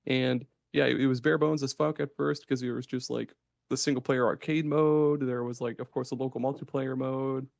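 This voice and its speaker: A man co-hosting a podcast in casual chat, excited and swearing freely as he rambles. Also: mid-range voice, moderate pace, creaky, no room sound, clean studio sound. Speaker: podcast co-host.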